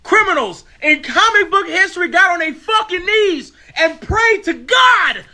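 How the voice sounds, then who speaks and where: A man rants at full volume with an animated, profane delivery. His voice sits extremely high and sounds sharp and bright. It plays as a clip being reacted to. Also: measured pace. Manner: loud, profane, animated ranting. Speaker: online commentator in a reacted-to clip. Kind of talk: ranting comic commentary.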